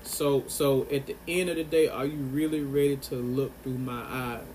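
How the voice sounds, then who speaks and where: A man's voice: medium pitch, steady tone, normal speed, darkish tone, slight background noise. A man delivering an earnest, impassioned monologue to his viewers, pressing his points and repeating phrases for emphasis. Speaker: vlogger.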